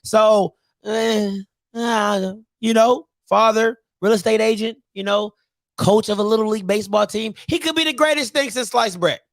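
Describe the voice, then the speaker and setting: High-voiced man ranting about sports, dry. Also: normal speed, creaky, no room sound. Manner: animated, slangy, mocking, laughs and shouts. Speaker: host of a sports talk show. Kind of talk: live solo sports rant.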